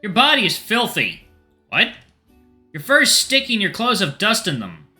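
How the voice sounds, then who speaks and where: A man voicing a flustered young male student character in a visual novel, high-pitched and cheeky. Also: huge pitch swings, normal speed, bright, forceful tone, soft background music, full character voice. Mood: bickering.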